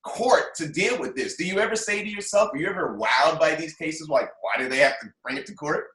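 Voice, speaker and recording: A man hosting an interview, chatty and lively, laughing along with his guest. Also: on the high side, brisk. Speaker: interview host. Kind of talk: casual interview talk. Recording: roomy echo.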